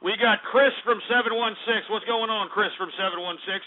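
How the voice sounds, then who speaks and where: A man's voice: high-pitched, brisk, few pauses. A man hosting a radio show, ranting and cursing in angry outbursts, sounding winded. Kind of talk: ranting call-in radio talk. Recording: tinny phone-like lo-fi audio.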